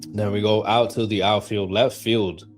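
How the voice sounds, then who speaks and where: A man hosting a casual sports podcast, reading a rundown from his notes, loose and self-deprecating, stumbling on names, with frequent coughing and throat clearing. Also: fairly low pitch, flat delivery, moderate pace, faint music behind. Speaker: podcast host.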